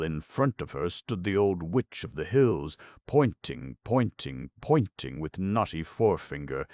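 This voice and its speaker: A man reading a folk-tale audiobook in steady scripted narration. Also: a bass voice, dry recording, studio quality. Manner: steady storytelling.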